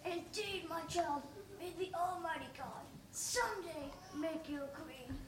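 A woman voicing a starving, trembling beggar man who speaks slowly and faintly. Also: extremely high pitch. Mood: grateful hush. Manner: slow, faint, pleading. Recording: roomy, distant, faint hiss.

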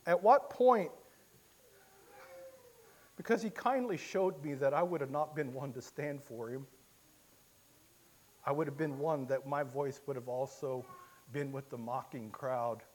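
A man preaching a sermon, telling the story in the first person and swinging from hushed, quiet lines to loud, impassioned cries. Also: medium pitch, normal speed, slight background noise.

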